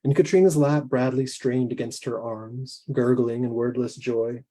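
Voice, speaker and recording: A man, a guest author, reading his own fiction aloud in a measured, deliberate way. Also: medium pitch, fairly even intonation, dark tone.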